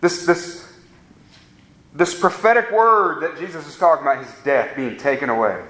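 A man preaching a sermon as a pastor, with rising emphatic peaks and slow, drawn-out stresses on key words. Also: fairly high pitch, fairly bright tone, roomy sound, low-quality recording.

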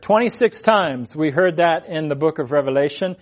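A man preaching an expository sermon in an earnest, emphatic way, his voice swelling louder on key phrases. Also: a little high, lively intonation, moderate pace.

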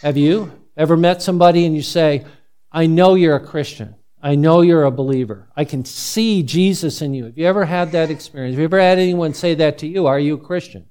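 Animated preacher man asking questions. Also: a little high, fairly quick, smooth. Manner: animated, asks the congregation many questions. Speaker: pastor. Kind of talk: sermon.

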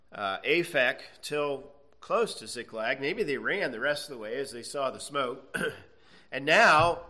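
Bible teacher, male, bright forceful tone, reads verses then unpacks them casually for the class. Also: medium pitch. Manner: conversational, checks in with frequent "okay"; reads scripture aloud then explains.

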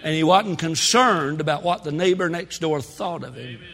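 A lively male preacher delivers a sermon, his voice rising and falling and breaking into sudden shouts. The tone is bright and forceful. Long reverb from a church hall trails behind every line. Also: a little high, creaky. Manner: animated preaching with sudden shouts and quick asides. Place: church sanctuary.

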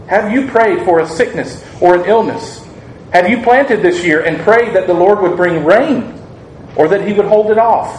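A man preaching a sermon, earnest and measured, asking the congregation rhetorical questions and acting out quoted lines. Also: high voice. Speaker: pastor. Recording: echoey room, faint ambient noise.

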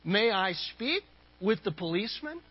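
Brief: man playing an irritated boss on the phone, high and drawn-out, pushing with questions. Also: big pitch swings, breathy edge, lo-fi sound, heavily acted. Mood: pressing. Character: irritated company boss on the phone, growing alarmed.

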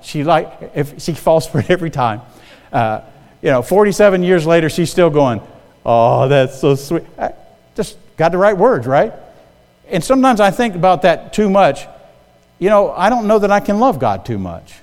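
A man's voice: high voice, big pitch swings, moderate pace, big-room sound. An older man preaching a sermon in a church, talking conversationally and often checking in with the congregation. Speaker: guest preacher.

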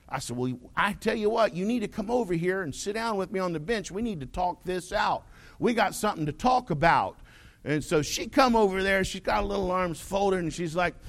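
A man preaching a sermon, telling a folksy story and acting out the voices in it. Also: high-pitched. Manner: folksy, animated, acts out quoted voices. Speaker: pastor.

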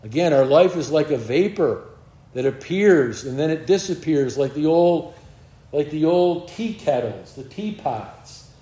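An earnest male preacher delivers a sermon and repeats words as he gathers his thoughts. His voice sits a little high. The room around him has a clear echo. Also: lively intonation, measured pace, mellow. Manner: earnest, repeats words while searching for them.

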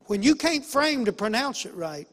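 A pastor telling a story in a sermon, folksy and emphatic, repeating phrases and swinging from loud to hushed. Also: male voice, very high-pitched, sing-song, normal speed, in a large hall.

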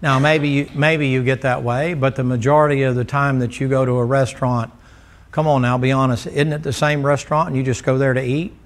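A man's voice: medium pitch, fairly even intonation, a little fast. A male preacher, delivering a folksy, joking sermon to a congregation in a church. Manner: folksy, joking storyteller who teases the congregation.

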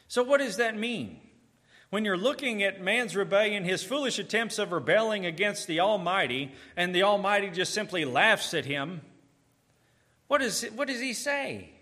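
A man preaches a sermon emphatically, with lively intonation. He swings between booming declarations and hushed, slow asides.

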